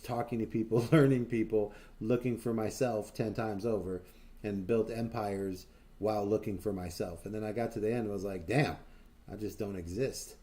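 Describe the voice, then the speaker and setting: Brief: male stream host, lowish mellow voice, loose profane rambling with lots of fillers, boastful enthusiastic stories. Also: steady tone, normal speed. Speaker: livestream host. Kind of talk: casual chat.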